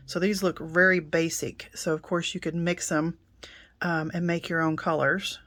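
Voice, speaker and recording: A middle-aged woman reviewing and unboxing a craft kit in a casual, chatty way, with many ums and soft asides. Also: fairly low pitch, flat delivery, moderate pace.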